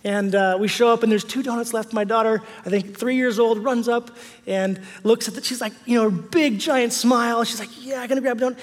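Male pastor, high voice, relaxed chatty preaching style that repeats its key lines, large echoing church. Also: normal speed. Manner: conversational, repeats key phrases for emphasis. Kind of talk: sermon.

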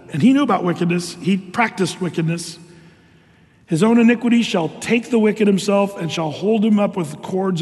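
An older man preaching a sermon as pastor, reading scripture and answering imagined objections in an animated way. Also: high voice, in a large hall.

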